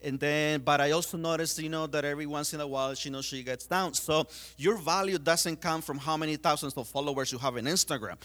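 A man's voice: a little high, steady tone, brisk, hardly any pauses, fairly bright tone. A man giving a sermon in a conversational way, with many fillers, retelling scenes. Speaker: preacher.

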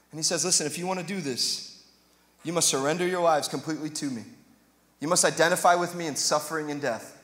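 A man preaching a sermon in a church, conversational and joking, then rising to passionate emphasis. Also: on the high side. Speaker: pastor. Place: church sanctuary. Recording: echoey hall reverb.

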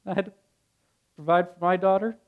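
A man's voice: sits high, steady tone, fairly quick. A male pastor preaching a sermon, blunt and earnest, telling stories in a conversational way. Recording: dull lo-fi sound.

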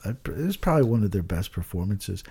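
Man, podcast chat, rambling, profane, pitch swings a lot. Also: sing-song, fast talker, vocal fry, dark tone, breathy edge. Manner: rambling, swears a lot, trails off with "I don't know". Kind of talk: casual chat.

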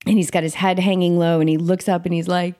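A woman with a somewhat low voice tells a story vividly on a podcast as a guest. She is expressive and paints each scene in detail. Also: quick pace. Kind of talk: casual conversation.

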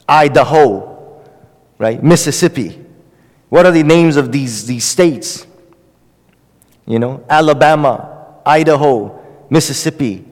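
A man's voice: fairly high pitch, a little mellow, in a large hall. A man teaching a religious text to an audience in a conversational, emphatic way, repeating words and asking questions. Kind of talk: sermon-style lecture.

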